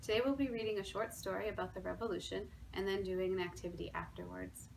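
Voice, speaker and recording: A woman's voice: mid-range voice, fairly even intonation, fast talker, gravelly, a little hiss or hum, rough recording. A woman, a museum education manager, reading a children's story aloud expressively from her home.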